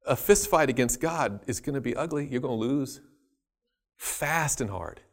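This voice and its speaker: A man preaching a sermon, telling a story with lively jokey asides. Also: medium pitch, moderate pace.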